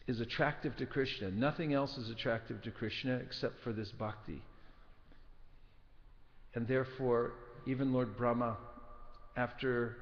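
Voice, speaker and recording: A man giving a scripture class, telling a story in an earnest, measured way. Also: mid-range voice. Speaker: spiritual teacher. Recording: dull recording in a reverberant hall.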